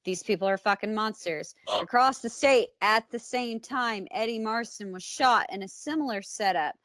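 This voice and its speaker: A woman's voice: fairly high pitch, normal speed, fairly bright tone, no room sound, clean studio sound. A woman with an American accent, co-hosting a podcast and recapping a true-crime story in a casual, blunt, conversational way. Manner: conversational, blunt, with fillers and asides. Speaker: podcast co-host.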